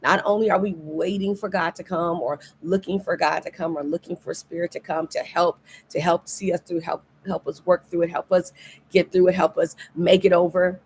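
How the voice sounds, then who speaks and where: A woman's voice: on the low side, steady tone, moderate pace, darkish tone, slight background noise. A middle-aged woman pastor giving a livestreamed devotional sermon, earnest and repeating key phrases for emphasis. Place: indoors, recorded for a livestream.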